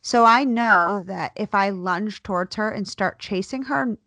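A mother in her thirties, a podcast co-host and teacher, telling a lively story in casual chat, swearing freely and acting out what she said. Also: mid-range voice, a little slow, no echo. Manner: animated storyteller, swears freely, acts out quotes.

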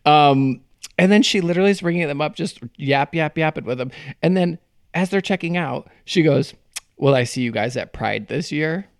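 Gravelly man trading dry jokes. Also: fairly high pitch, expressive, moderate pace, dry recording. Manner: dry teasing quips, frequent laughter. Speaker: podcast co-host. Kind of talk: casual comedic chat.

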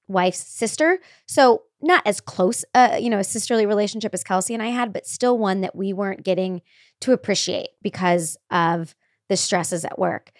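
A woman in her thirties hosting a podcast, telling candid stories in a lively, chatty way with lots of fillers. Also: on the low side, no room sound, studio quality. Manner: candid, animated storyteller with frequent fillers. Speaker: podcast host. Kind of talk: casual podcast chat.

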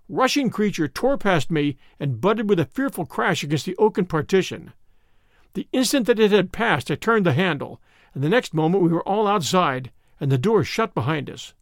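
Man reading a spooky old story, lively rise and fall, higher voice, dead dry recording. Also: no echo. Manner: expressive, vivid storytelling. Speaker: narrator. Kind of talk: dramatic audiobook narration.

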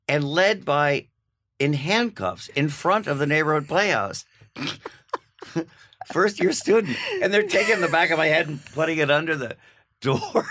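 An older man telling an animated anecdote as a guest, laughing at his own story. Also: fairly high pitch. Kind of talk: casual anecdote.

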